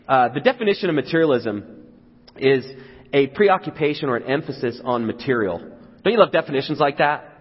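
A man's voice: medium pitch, lively intonation, fairly quick, breathy edge. A man preaching a sermon in a casual, conversational way, sometimes acting out the voices of the crowd. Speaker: pastor. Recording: dull sound with long hall reverb.

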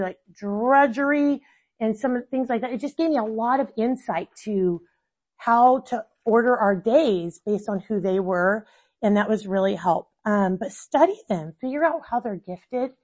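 A woman in her thirties, a mother talking in an animated, casual way about parenting. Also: fairly high pitch. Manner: animated, acts out quoted family dialogue. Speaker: mother and guest. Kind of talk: casual conversation.

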